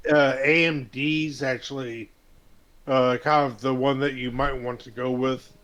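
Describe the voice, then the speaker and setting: A man chatting on a game stream, hesitant and halting, with many pauses. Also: mid-range voice, flat delivery, a bit bright, highs cut off, a little hiss or hum. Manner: hesitant, lots of uh and restarts. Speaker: stream guest. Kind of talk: casual chat while gaming.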